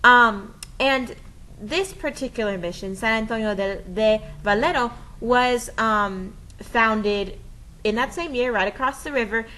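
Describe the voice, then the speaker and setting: Playful and enthusiastic, a woman explains history step by step in a recorded lesson, punctuated by dramatic sound effects and repeated "okay?" checks. Her voice runs on the high side, a little slow, pushed and bright, and the audio is poor.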